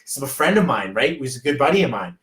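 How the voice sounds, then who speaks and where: A man's voice: medium pitch, very animated, fast, fairly bright tone, distant mic. Hypey man in an echoey room. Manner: rambling, hypey, often slips into quoted voices. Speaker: live-stream host and business coach. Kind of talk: casual live-stream chat.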